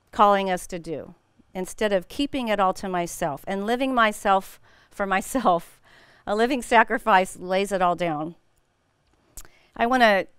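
A woman's voice: medium pitch, clean tone, no room sound, clean studio sound. A middle-aged woman leading a women's Bible study, talking casually and telling stories with frequent laughs. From United States. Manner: animated storytelling with frequent laughs.

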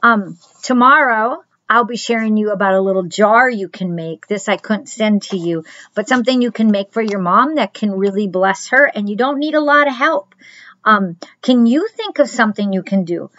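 A middle-aged woman, a children's pastor, giving a chatty crafts lesson and speaking straight to the children in a gentle way. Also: medium pitch, lively intonation, moderate pace, no echo, dull audio.

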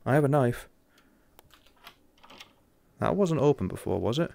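A young English man commenting jokingly and sarcastically while playing a horror game, getting excited easily. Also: mid-range voice, a little slow, vocal fry. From England. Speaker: gamer.

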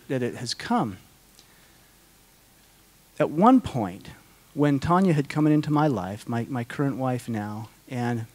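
A man's voice: mid-range voice, darkish tone. A middle-aged man answering audience questions at a conference, speaking in an earnest, heartfelt storytelling way with frequent restarts.

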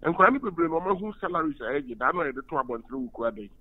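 A man's voice: on the high side, sing-song, racing. A Ghanaian university lecturer and union official giving an emphatic phone-in radio interview, switching between Twi and English. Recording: tinny phone line.

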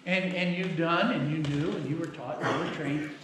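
A middle-aged male pastor preaches a sermon in a church sanctuary, telling folksy stories and acting out the people in them with quoted voices. His voice is on the high side and fairly bright, with a steady tone and moderate pace. The church hall is very echoey, with faint noise.

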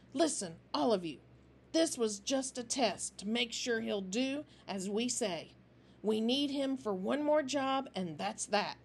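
A woman voicing a volatile gang leader who talks low and menacing with icy composure. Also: gravelly, slightly rough, full character voice. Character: volatile, cold-blooded male gang leader.

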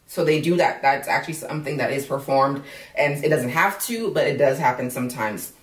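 A woman's voice: extremely low pitch, brisk. A woman vlogger in casual commentary, outspoken and indignant, swearing freely. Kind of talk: casual commentary on a news story. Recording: roomy echo, voice from a distance.

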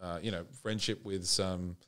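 Australian man, very deep voice, laid-back storytelling, casual swearing. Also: fairly even intonation, moderate pace, fairly bright tone. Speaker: podcast guest.

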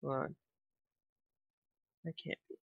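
A man's voice: slow, no echo. A young man chatting casually while playing a game, rambling and thinking aloud with lots of fillers. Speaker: gaming vlogger. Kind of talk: casual gameplay commentary. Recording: dull lo-fi home mic.

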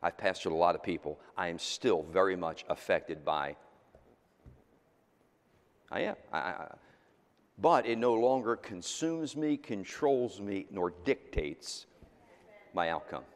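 A middle-aged male pastor preaching with a lively, swooping delivery that jumps from loud calls to near-hushed asides. His voice rings out through a large church sanctuary with a long reverb tail. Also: lowish voice. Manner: animated, swings from loud exhortation to quiet intimacy. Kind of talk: sermon.

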